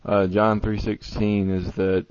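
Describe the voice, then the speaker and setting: A man's voice: fairly low pitch, level tone, takes it slowly, lo-fi sound, noisy background. A man calling into a Bible study, casual and a little out of breath. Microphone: call or conference line.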